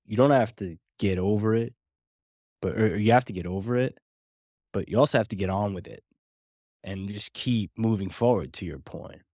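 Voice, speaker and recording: A man hosting a podcast, asking measured, thoughtful interview questions. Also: on the low side, a little mellow, no room sound, clean studio sound. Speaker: podcast host.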